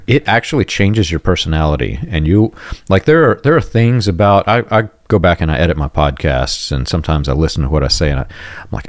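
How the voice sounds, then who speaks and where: Man, podcast host, very low voice, animated pitch, dry sound. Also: brisk, no room sound. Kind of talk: casual podcast conversation.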